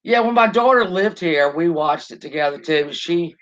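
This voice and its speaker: A middle-aged woman hosting a casual live stream, chatting warmly and greeting viewers by name. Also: fairly low pitch, expressive, normal speed. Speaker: livestream host. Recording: dull lo-fi stream audio.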